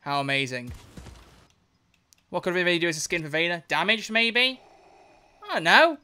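A young man streaming a video game live, excitable and swearing a lot as he comments. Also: high-pitched, moderate pace, clean tone. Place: home gaming setup at a desk.

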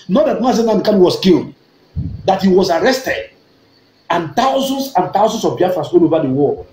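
A Nigerian man delivering an emphatic political address, repeating key phrases and swinging to high-pitched outbursts. His voice sits a little high for a man and is animated. The recording has a roomy echo with a faint hum of ambience underneath. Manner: emphatic, repetitive, rising to fervent outbursts. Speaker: online activist broadcaster. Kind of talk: impassioned political talk.

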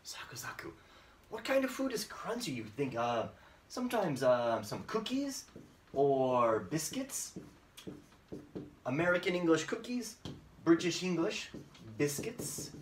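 A man teaching an online English lesson, saying words slowly and repeating them with frequent tag questions. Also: on the high side, sing-song, a little hiss or hum.

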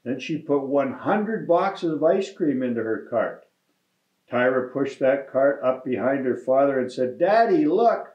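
A man reading a children's picture book aloud to students in a deliberate storytelling manner. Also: mid-range voice. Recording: roomy, slightly dull recording.

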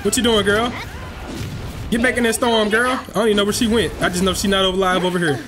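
A man's voice: sits high, steady tone, fast. Trash-talking man narrating gameplay over music. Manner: playful trash-talking, slangy, jokes to viewers. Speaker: gaming channel host. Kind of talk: live gameplay commentary.

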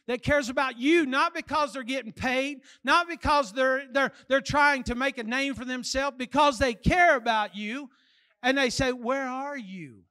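Older male preacher, very high and bright voice, folksy and emphatic delivery in church. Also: clear, resonant tone. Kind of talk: sermon.

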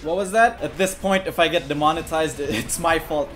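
A young man commentating his video game playthrough, joking and sarcastic and breaking into sudden shouts. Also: on the high side, moderate pace, a little hiss or hum. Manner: jokey, sarcastic, bursts into shouts. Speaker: gaming YouTuber. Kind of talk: gameplay commentary. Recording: clear music playing behind.

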